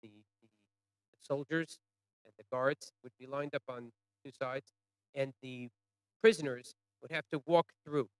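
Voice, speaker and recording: A man telling a story to an audience, halting and repeating words, dropping to a hush and rising loud. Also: mid-range voice, fairly even intonation, smooth, no room sound. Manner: voice swings from hushed to loud for quoted cries.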